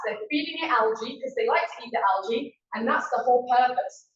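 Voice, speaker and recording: A woman giving a casual, upbeat presentation to a meeting audience, chatting and quizzing them as she goes. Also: high voice. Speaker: guest presenter. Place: meeting room. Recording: echoey room, far-off dull mic.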